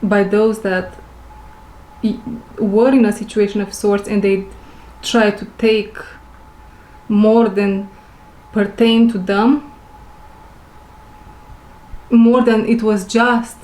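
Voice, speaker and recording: A woman who speaks English as a second language, giving an intuitive spiritual reading to her viewers. She talks slowly, repeats her phrases and searches for words. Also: mid-range voice, little pitch movement, darkish tone, reverberant. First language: not English. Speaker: intuitive reader.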